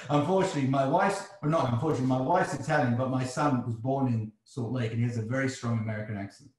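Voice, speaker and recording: An English man answering a seminar question, thinking aloud with halting restarts. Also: mid-range voice, darkish tone. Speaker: seminar speaker. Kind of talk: academic Q&A answer. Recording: echoey room.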